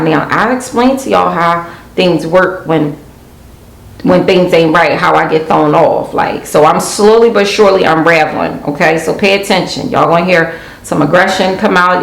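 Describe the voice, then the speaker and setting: Casual vlogger, female, gravelly low voice, exasperated chatter, roomy recording. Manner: chatty and exasperated, addresses viewers as y'all. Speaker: budgeting vlogger. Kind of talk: casual chat to camera. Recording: echoey room with faint noise.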